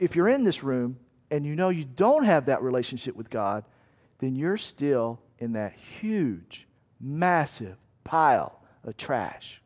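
A male pastor preaching a sermon in an earnest, emphatic way, often asking rhetorical questions. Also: a little high. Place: church meeting room.

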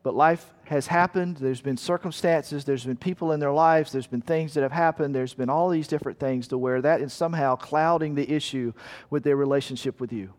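A man's voice: fairly high pitch, fairly quick, a little mellow. A man preaching a sermon in a church hall, earnest and emphatic, telling a story and repeating words for weight. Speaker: pastor. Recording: long hall reverb.

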